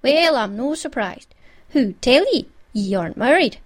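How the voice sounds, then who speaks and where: A woman's voice: a little high, animated, unhurried, voice pushed up. A woman reading aloud and voicing a small, fierce Scottish clan chief in broad dialect, blustering and commanding. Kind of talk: storybook reading.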